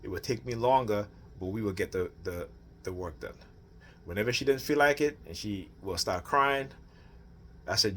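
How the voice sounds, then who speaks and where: A man's voice: on the low side, moderate pace, a bit bright. A man venting about family matters in a rambling, heated monologue, often asking "right?". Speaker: father venting on his channel. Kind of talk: casual rant to camera.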